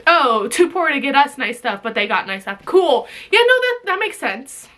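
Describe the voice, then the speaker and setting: A young woman with a high, bright voice rants straight to camera. She is bitingly sarcastic and swears freely, and her voice catches with emotion at times. She speaks in an emotional vlog style. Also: sing-song, moderate pace. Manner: bitterly sarcastic, swearing, voice breaking. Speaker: vlogger. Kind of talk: emotional direct-to-camera rant.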